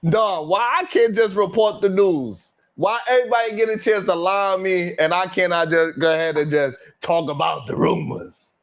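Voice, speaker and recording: With a high voice, a moderate pace and few pauses, this man hosts a casual livestream where he reads super chats. He reacts to viewers easygoingly, with laughter, sighs and drawling slang.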